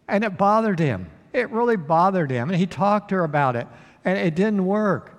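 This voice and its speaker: A man's voice: sits high, lively intonation, moderate pace, in a large hall. A man preaching a sermon as pastor, telling a story and asking the congregation questions. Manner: storytelling with acted quotes, asks the congregation questions. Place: church sanctuary.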